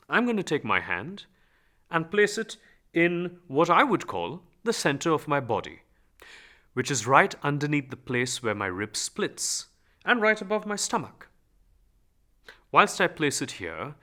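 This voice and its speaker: Man, voice and speech teacher, guided lesson, animated pitch, calm instructive delivery. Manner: calm, instructive, demonstrates lines aloud.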